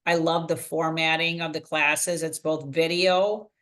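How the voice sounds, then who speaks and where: A woman's voice: deep voice, flat delivery, measured pace, a bit bright. An older woman, a retired pharmacist, speaking casually on a panel about her own path and often acting out her past thoughts in quotes. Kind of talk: casual testimonial on a video call.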